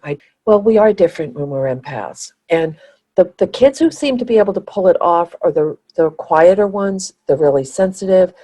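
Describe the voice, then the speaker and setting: Mellow, low-pitched woman podcaster. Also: expressive, moderate pace, slightly rough, poor audio. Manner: earnest, restarts and searches for words. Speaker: podcast co-host. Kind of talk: conversational podcast chat.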